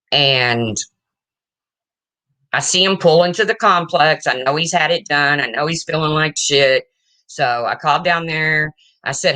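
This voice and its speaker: Low-voiced woman telling a frank story. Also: pushed and bright. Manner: frank, emotional, swears casually, asks okay?. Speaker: vlogger. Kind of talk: casual storytelling to camera.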